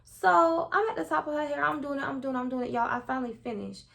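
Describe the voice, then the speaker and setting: Young woman, high voice, chatty, slangy, casual storytime vlog. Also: fast, gravelly, fairly bright tone. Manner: chatty, slangy, addresses viewers directly. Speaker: hairstylist telling a storytime.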